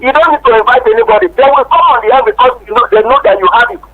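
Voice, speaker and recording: A man calling in to a radio show, speaking haltingly with repeated restarts. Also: very high-pitched. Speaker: caller. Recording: tinny phone line.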